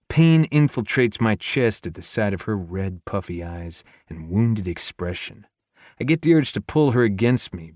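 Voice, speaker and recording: Low, earnest male audiobook narrator. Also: darkish tone, dry recording, studio quality. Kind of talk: first-person romance narration.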